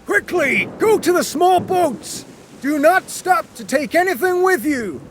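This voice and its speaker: A man's voice: high-pitched, animated, a little slow, fairly bright tone, slight background noise, voice pushed up. A man voicing a stern male ship captain who barks commands, in a storybook reading. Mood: shouting orders. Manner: barking orders.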